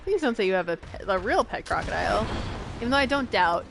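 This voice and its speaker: A woman from the northern United States, a streamer chatting casually with viewers while playing a game, talking fast. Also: mid-range voice, lively intonation, gravelly, a bit bright, a little hiss or hum.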